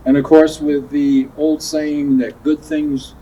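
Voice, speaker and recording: A man's voice: fairly high pitch, little pitch movement, takes it slowly, mellow. A man chairing the county commission gives a folksy, conversational ceremony speech outdoors, sometimes correcting himself. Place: outdoors at a groundbreaking. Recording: distant outdoor recording, faint ambience.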